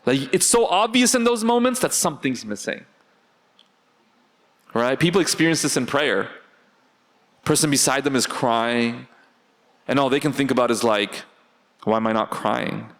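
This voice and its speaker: A man's voice: mid-range voice, expressive, normal speed, long pauses, a bit bright. A man teaching a religious class in a conversational way, often asking the audience rhetorical questions.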